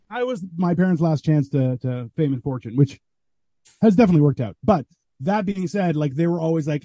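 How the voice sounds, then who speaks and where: A man who is a guest comedian on a podcast, chatting casually and telling animated stories, acting out what people said. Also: a little high, moderate pace, no echo, muffled recording. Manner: animated storyteller, acts out quoted voices. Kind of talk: casual chat.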